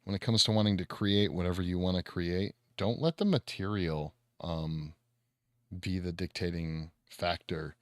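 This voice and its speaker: A man with a very deep voice chats casually on a live stream, loose and profane, with lots of fillers. The sound is dry and close. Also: normal speed, no echo. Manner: relaxed, profane, rambling with fillers.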